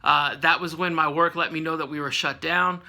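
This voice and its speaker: A man in his late thirties from California, a book reviewer, rambles through a casual vlog about books he's read, full of fillers and self-corrections. His voice is fairly high and bright, with fairly even intonation, vocal fry, and a forceful tone at a normal speed.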